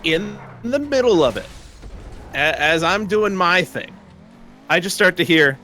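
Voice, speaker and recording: Animated young man rambling through a story. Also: high voice, unhurried, slight background noise. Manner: rambling, laughing, lots of "like" fillers. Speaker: streamer telling a story. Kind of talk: casual storytelling chat.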